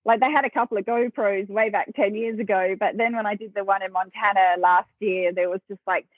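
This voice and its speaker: Australian woman guest, animated storyteller, thin phone-line audio. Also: mid-range voice, a little fast, no room sound. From South Australia. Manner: lively storyteller, acts out quoted voices, laughs often. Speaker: podcast guest. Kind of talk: casual interview storytelling. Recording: thin phone-like dry sound.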